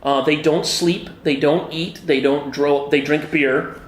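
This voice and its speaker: A middle-aged man who designs games gives a casual convention interview, telling stories with animated enthusiasm and plenty of fillers. His pitch is fairly high and his pace measured, with slight background noise and faint ambience from the echoey, busy hall.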